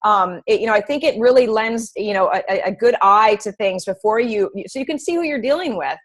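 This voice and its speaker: A woman's voice: medium pitch, expressive, a little fast, low-quality recording. A middle-aged woman, a health coach, teaching a group of other coaches in a casual, chatty way with many fillers and tag questions.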